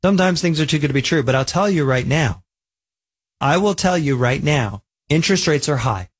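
Husky-voiced guy hosting radio, chatty storytelling, kinda high voice. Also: animated, fairly quick. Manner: chatty, storytelling, conversational asides. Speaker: radio show host. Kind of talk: casual radio talk.

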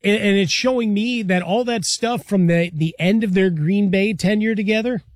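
Male co-host, high-ish voice, laid-back, rambling, dry studio sound. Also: normal speed, dry recording. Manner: relaxed, rambling, uses folksy analogies. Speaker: sports talk show co-host. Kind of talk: conversational sports radio analysis.

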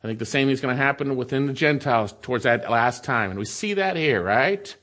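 A male pastor preaching an expository sermon, reading scripture aloud and breaking in with lively rhetorical questions. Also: medium pitch, brisk.

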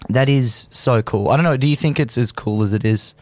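A man's voice: mid-range voice, fairly quick, dry recording. A man hosting a community radio show, chatting casually and joking with co-hosts in the studio. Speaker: radio host. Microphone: studio microphone.

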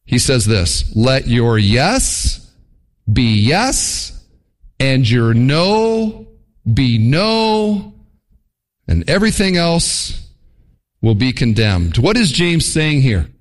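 A man preaching a sermon in an animated way, acting out quick mock voices to make his points. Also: mid-range voice. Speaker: pastor.

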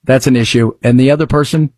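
A man hosting a radio talk show, rambling conversationally and reading ads in a quick patter. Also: medium pitch, steady tone, a little mellow, husky, dry recording, clean studio sound. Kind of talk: radio talk commentary and live ad reads.

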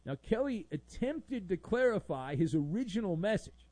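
A man's voice: high voice, very animated, moderate pace, darkish tone, no room sound, rough recording. A man hosting a sports talk show, sarcastic and theatrical, mocking his subjects with playful bits. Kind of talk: animated sports commentary.

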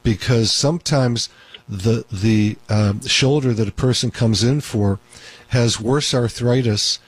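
A man's voice: mid-range voice, slow pace, husky, no room sound. A man hosting a call-in radio show as a doctor, talking in an emphatic, repetitive way. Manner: talkative, emphatic, repeats points.

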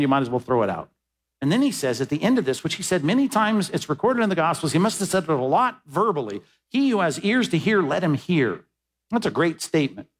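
Animated preaching man, higher voice. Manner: animated preaching, reads scripture aloud with emphatic swings. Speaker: pastor. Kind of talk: sermon.

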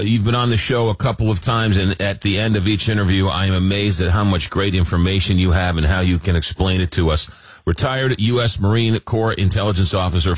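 A man's voice: lowish voice, no room sound. A man hosting a late-night radio talk show, interviewing guests and wrapping up segments.

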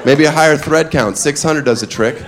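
A man doing a stand-up comedy set, mostly deadpan one-liners broken by sudden loud shouted character voices. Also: fairly high pitch, a little fast, background noise. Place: comedy club stage before a live audience. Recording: live club recording with loud crowd.

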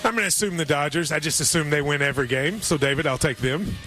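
A man's voice: on the high side, pushed and bright, soft background music. A man hosting a sports radio show, chatting casually and joking about betting picks. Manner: joking, offhand, quick asides.

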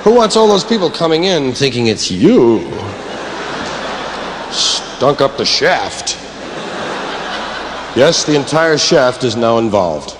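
A man's voice: sing-song, slow, pauses often. A man doing a stand-up routine in a rambling, digressive way, his voice swooping up and down. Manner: rambling, digressive delivery with sudden jumps in pitch. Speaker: stand-up comedian. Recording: reverberant hall with loud ambient noise.

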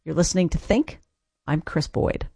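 A male radio host reading a crisp, scripted guest introduction. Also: a little high, normal speed, mellow, dry recording, studio quality. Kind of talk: scripted show announcement.

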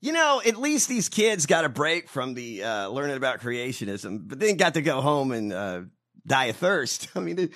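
A man's voice: medium pitch, moderate pace. A man co-hosting a casual political chat show, riffing jokes and swearing freely. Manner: animated, profane, riffing jokes. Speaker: podcast co-host.

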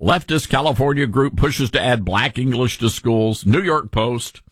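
Husky Southern talk radio host. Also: male voice, mid-range voice, unhurried, no echo, clean studio sound. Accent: mild Southern US. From Tennessee. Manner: folksy, opinionated, animated.

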